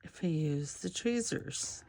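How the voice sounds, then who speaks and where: A woman crafting a junk journal, talking quietly and rambling to herself as she works. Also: low-pitched, lively intonation, takes it slowly, creaky. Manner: quiet, rambling, talks to herself while working. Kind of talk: casual crafting vlog narration.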